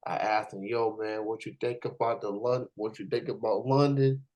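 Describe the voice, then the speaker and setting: An American man hosting a relaxed interview, easygoing, with drawn-out fillers and chuckles. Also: lowish voice, poor audio. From United States. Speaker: host. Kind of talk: casual interview chat.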